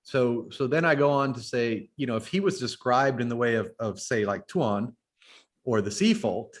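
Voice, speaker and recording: A man co-hosting a podcast, making his argument in a measured way with some hesitant fillers. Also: medium pitch. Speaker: podcast co-host. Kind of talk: casual review discussion.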